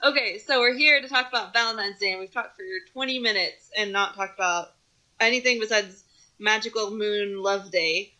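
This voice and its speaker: An American woman co-hosting a podcast, wry and teasing as she keeps the conversation on track. Her voice is bright and her pitch is ordinary. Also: moderate pace. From United States. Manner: wry and teasing, steers the talk. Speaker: podcast co-host. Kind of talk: casual chat.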